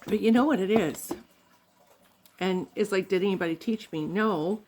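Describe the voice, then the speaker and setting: A woman's voice: mid-range voice, moderate pace, a little mellow, slight background noise. An older woman from Canada telling rambling, funny family stories in a casual vlog, laughing often. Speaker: vlogger.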